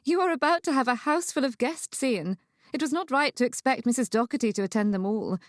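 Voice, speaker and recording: A woman voicing a kindly young sister-in-law who speaks in a reassuring, warm manner. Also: high voice, lively intonation, fairly quick, no echo, studio quality, voice pushed up. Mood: explaining.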